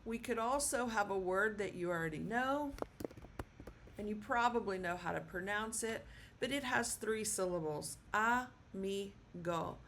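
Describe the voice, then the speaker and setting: A woman's voice: medium pitch, expressive, moderate pace, a bit bright, slight background noise. A woman teaching a Spanish lesson at a board, patient, with many "um"s and "okay?" check-ins.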